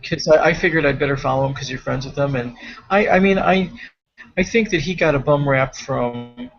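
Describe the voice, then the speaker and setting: A man's voice: medium pitch, normal speed, dull audio. A man co-hosting a casual chat, rambling along with frequent restarts, fillers and trailing thoughts. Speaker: podcast co-host.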